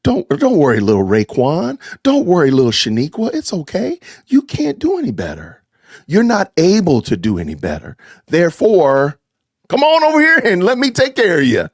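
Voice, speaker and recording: A man's voice: fairly high pitch, huge pitch swings, normal speed, a little mellow, no room sound, clean studio sound, exaggerated voice. A man putting on a mock-soothing, condescending voice that talks down to people. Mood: patronizing. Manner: syrupy, talking down.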